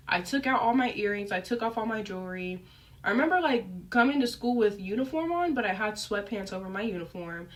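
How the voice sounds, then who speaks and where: A young woman vlogger telling a casual story, animated and full of fillers like "like" and "um". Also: medium pitch. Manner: animated, lively retelling with frequent fillers. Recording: voice picked up from a distance.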